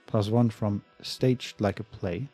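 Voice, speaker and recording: A man's voice: lowish voice, steady tone, takes it slowly, mellow, husky, faint music behind. A man co-hosting a let's play, talking casually and methodically reading out the game's checks and bonuses. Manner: methodical, reads out game stats. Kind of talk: casual gaming chat.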